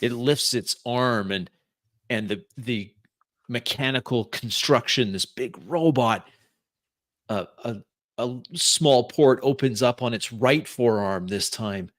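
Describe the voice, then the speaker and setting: Game master, male, slow deliberate narrator, dry close mic. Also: mid-range voice, no room sound.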